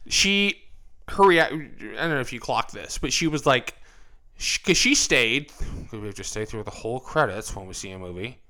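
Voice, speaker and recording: Bright, lively sarcastic male co-host. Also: mid-range voice, normal speed. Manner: sarcastic, joking. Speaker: podcast co-host. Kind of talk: casual chat.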